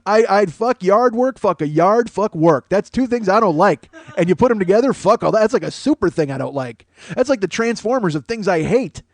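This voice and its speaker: A man hosts a comedy podcast in a high register, riffing in a profane, rambling way that keeps cutting itself off. The sound is dry and close, with no room around it. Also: expressive, a little fast, few pauses, dry recording. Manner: profane, rambling, self-interrupting. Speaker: podcast host.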